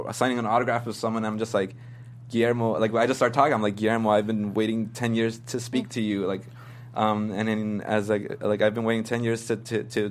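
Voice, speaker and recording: A young man telling a story in casual chat, rambling and earnest with lots of fillers. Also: on the low side.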